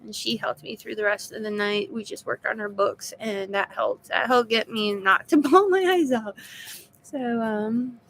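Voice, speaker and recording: Woman vlogger, exhausted and emotional, frank casual talk, a touch high-pitched. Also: measured pace, vocal fry, fairly bright tone, a little hiss or hum. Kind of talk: casual personal video update.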